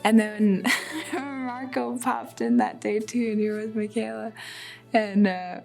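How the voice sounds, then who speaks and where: A woman's voice: mid-range voice, expressive, unhurried, creaky, a little mellow. A young woman from a film crew recalling the shoot in a chatty way, full of fillers. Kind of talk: behind-the-scenes recollection.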